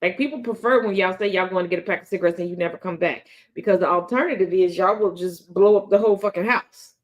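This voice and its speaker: A woman's voice: lowish voice, fast, dull audio. A woman hosting a daily news commentary show, talking bluntly and sarcastically with plenty of profanity. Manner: taunting, confrontational. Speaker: host.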